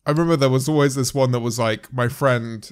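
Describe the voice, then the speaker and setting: A man's voice: mid-range voice, steady tone, a little fast, clean tone. A young man from Britain, a musician guest, chatting casually and wryly. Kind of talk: casual chat.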